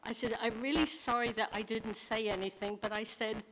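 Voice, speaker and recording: A woman's voice: fairly high pitch, steady tone, normal speed. A woman recovering from a lost voice tells stories with quoted dialogue as she speaks informally to her temple congregation on a livestream. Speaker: congregant sharing a milestone. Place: temple sanctuary. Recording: noisy livestream recording.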